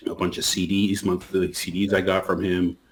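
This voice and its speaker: A man's voice: low voice, flat delivery, normal speed, slight background noise. A man co-hosting a podcast, chatting casually and rambling through a story with lots of restarts. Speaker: podcast co-host. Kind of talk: casual chat.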